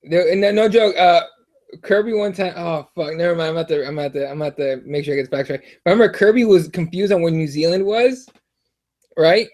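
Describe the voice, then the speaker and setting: A young American man with a high voice rambles through stories on a casual podcast. He swears freely, restarts his sentences and keeps the chat animated. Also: brisk. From United States. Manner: rambling, profane, animated storytelling with many restarts. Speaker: podcast co-host.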